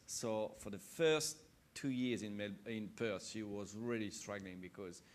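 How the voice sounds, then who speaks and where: A man's voice: fairly low pitch, measured pace, a little hiss or hum. A man from France with a French accent, a chef sharing anecdotes in an interview, hesitant and full of fillers. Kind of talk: interview conversation.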